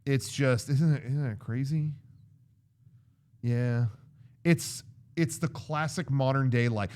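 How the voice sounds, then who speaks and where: A man in his thirties co-hosting a casual movie chat, recapping the plot and acting out scenes with sudden shouted lines. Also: mid-range voice, a little slow, long pauses. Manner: animated storyteller, acts out scenes with sudden shouted quotes. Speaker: co-host of a movie discussion show.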